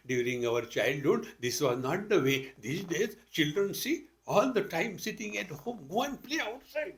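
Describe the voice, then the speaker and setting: Fairly high in pitch and fairly bright, the voice belongs to an older man with an Indian accent. A spiritual teacher, he addresses an audience with stories, posing rhetorical questions and slipping in humorous asides.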